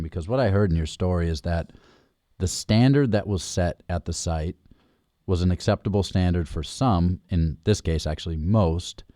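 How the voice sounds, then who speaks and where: Deep, dark-toned host, dry sound. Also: male voice, dry recording. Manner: measured, deliberate questioning. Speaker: podcast host. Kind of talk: interview questions.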